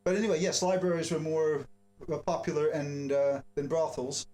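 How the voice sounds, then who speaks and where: A man casually telling a travel anecdote, quick and meandering with many restarts. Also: fairly high pitch, steady tone, darkish tone, faint music behind. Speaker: musician guest.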